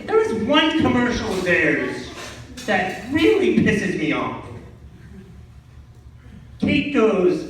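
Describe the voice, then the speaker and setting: A man's voice: wildly swooping pitch, slow, pauses often, fairly bright tone. A man from Vermont doing a stand-up comedy set, sarcastic and ranting, filmed from across a small club. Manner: sarcastic, ranting, jumps up high for mocking voices. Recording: echoey club filmed from a distance.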